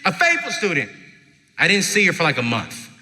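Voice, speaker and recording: A man, a former youth pastor, telling an animated story to an audience and acting out his own reactions, in a large hall with a long reverb. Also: a little high, a little fast, a little hiss or hum. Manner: animated, jumps to shouting acted quotes. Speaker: speaker at a parenting event, former youth pastor. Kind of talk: stage storytelling. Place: event stage in a large hall.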